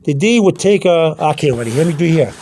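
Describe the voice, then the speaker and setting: A man's voice: fairly high pitch, animated, quick pace, mellow, slight background noise. A man giving an informal language lesson, pointing things out on a product label, often stopping, repeating words and checking in with "okay?". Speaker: language teacher.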